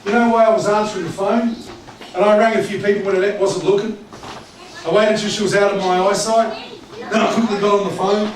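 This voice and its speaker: A man preaching a sermon as pastor, conversational and joking, swinging between loud preaching and low asides. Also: little pitch movement, fairly quick. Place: church hall. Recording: echoey church hall, distant mic, congregation audible. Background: congregation.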